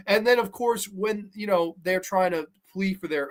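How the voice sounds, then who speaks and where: A man hosting a casual horror TV review podcast, talking in an animated, profane, rambling way with many fillers and restarts. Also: high voice, normal speed, hardly any pauses. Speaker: podcast host.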